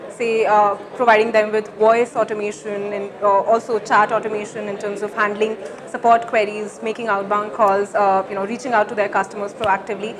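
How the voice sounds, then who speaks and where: A woman's voice: medium pitch, little pitch movement, fairly quick, few pauses, a crowd in the background. A woman with an Indian English accent, a sales director describing her company in a businesslike way with many fillers. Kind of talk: conference interview. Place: conference hall.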